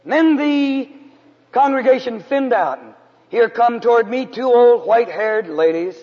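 A man from San Antonio, Texas, preaching a storytelling sermon in an earnest way, sometimes dropping to a hush. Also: very high voice, a little slow. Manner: earnest narrative preaching, drops to hushed tones for emphasis. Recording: dull, echoey hall recording.

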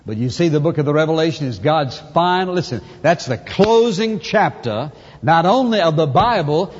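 A man preaches with emphatic force, firing rhetorical questions at his listeners. His voice sits fairly high for a man and trails a long reverb through the hall. The recording itself sounds dull and muffled. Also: darkish tone. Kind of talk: sermon.

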